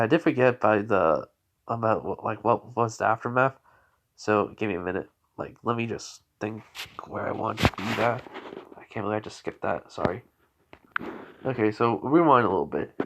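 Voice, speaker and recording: A man's voice: fairly low pitch, normal speed, long pauses, fairly bright tone. A tired man casually telling an unscripted fan story, rambling and correcting himself with many fillers. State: tired, yawning.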